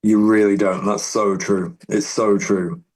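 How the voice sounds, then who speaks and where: A man's voice: fairly low pitch, little pitch movement, measured pace, darkish tone, low-quality recording. A British man, a musician guest, talking casually, rambling with many restarts. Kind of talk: casual interview chat.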